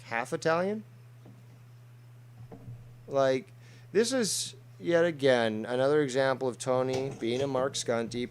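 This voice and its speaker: Man, talk show host, boastful, cusses constantly, lots of ums, mid-pitched voice. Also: a little hiss or hum. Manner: boastful, heavy swearing, rambling with many fillers. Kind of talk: casual streamed talk show chat.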